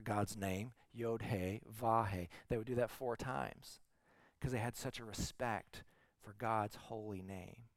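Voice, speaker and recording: A man delivers a sermon as a teaching pastor, in an ordinary mid-range voice. He preaches in a conversational storytelling way and swings between hushed, reflective stretches and forceful emphasis. The sound is close and dry, with no room echo. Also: medium pitch.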